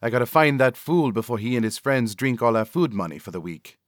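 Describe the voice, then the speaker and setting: A man's voice: medium pitch, lively intonation, a little fast, no echo, clean studio sound, close to an everyday voice. A man reading a story aloud, voicing a worried young woman who talks earnestly to her cousin. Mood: caring.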